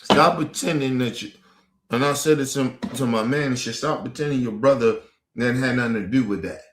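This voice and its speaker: A man's voice: mid-range voice, a little fast, fairly bright tone, reverberant. Heated, profane man in his forties. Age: 40s. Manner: profane, emphatic, repetitive street slang. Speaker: host. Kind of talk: heated casual rant.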